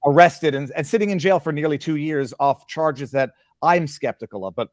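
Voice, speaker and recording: A man's voice: a little high, moderate pace. A man hosting a live stream interview, stammering and hedging as he gets his words out. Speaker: show host.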